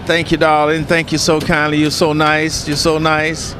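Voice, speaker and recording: A man from Eastern North Carolina, a pitmaster speaking in a courtly, flattering way outdoors at a food festival. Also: a little high, moderate pace, a crowd in the background. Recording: noisy outdoor festival sound.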